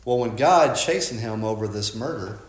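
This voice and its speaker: A man's voice: on the low side, expressive, normal speed, reverberant. A man preaching a sermon as a pastor, conversational and folksy, often asking "right?" and restarting his words.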